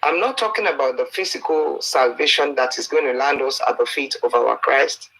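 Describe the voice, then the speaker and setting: A man's voice: mid-range voice, moderate pace, gravelly, sharp tone, slightly rough, poor audio. A man with a Nigerian Yoruba accent earnestly exhorting and pleading, quoting the Bible and telling stories. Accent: Nigerian, Yoruba-speaking. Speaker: preacher addressing a campaigner. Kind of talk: exhortation mixing English and Yoruba.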